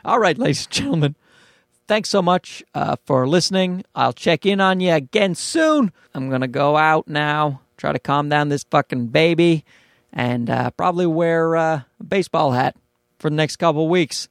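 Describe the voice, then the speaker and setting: Gravelly, rambling podcast man, dry close sound. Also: on the high side, moderate pace, no echo. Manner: rambling, profane, self-mocking. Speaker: podcast host. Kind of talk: casual comedic monologue. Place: small closet at home. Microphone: podcast microphone.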